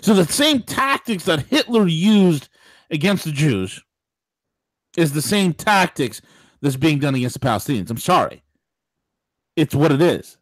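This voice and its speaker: A male talk radio host with a fairly high voice that swoops up and down a great deal as he rambles through political commentary. He breaks into laughing asides, and the sound is dry and close. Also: measured pace, pauses often, no echo. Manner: animated, digressive, laughing asides.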